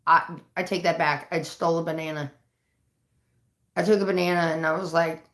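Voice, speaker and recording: On a livestream, a woman with a lowish voice casually tells her viewers stories at a moderate pace. She swears freely and acts out the quoted lines in an animated retelling. The room sounds echoey.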